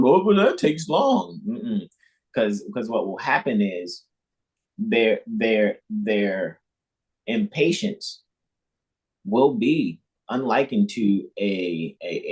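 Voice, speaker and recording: A man's voice: a little mellow, slightly rough, low-quality recording. A man hosting an informal spiritual lecture, talking emphatically and repetitively, with many restarts and small chuckles. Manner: mimics imagined listeners in high mocking voices. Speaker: spiritual teacher hosting a devotional livestream.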